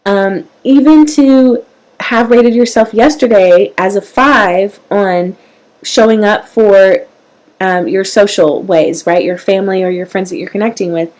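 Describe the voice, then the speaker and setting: A woman hosting a parenting show, giving an earnest, animated motivational talk straight to her viewers. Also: medium pitch, measured pace, low-quality recording. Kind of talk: live-streamed motivational talk.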